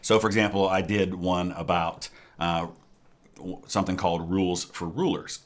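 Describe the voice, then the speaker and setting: A man who hosts a history reaction channel, explaining in a measured way with fillers how his videos work. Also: low-pitched, steady tone.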